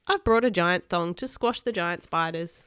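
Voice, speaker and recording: A woman's voice: on the low side, normal speed, fairly bright tone, clean tone, no echo, close to an everyday voice. Give me a woman voicing a whiny, lazy young boy from a storybook.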